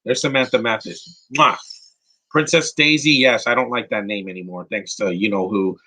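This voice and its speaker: Hosting a live film commentary podcast, a man from New York rambles through opinionated takes, frequently restarts his sentences and responds to chat questions as they come. His lowish voice is bright and tense, fairly quick with fairly even intonation, and the audio is poor.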